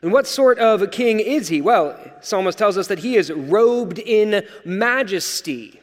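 A male pastor preaching a sermon, earnest and emphatic, slowing down for proclamations. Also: sits high, lively intonation, in a large hall.

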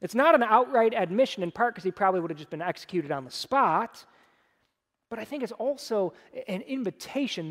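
A male pastor delivers a sermon in a casual, conversational way, briefly acting out the people he quotes. His voice sits high for a man. The sound carries a long reverb from a large hall. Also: a bit bright. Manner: conversational preaching, mimics voices when quoting.

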